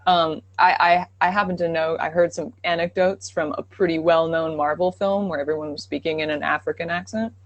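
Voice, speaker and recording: A woman guesting on a live-stream Q&A, telling stories with animated enthusiasm. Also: sits low, fairly quick, few pauses, highs cut off. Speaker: guest, dialect coach.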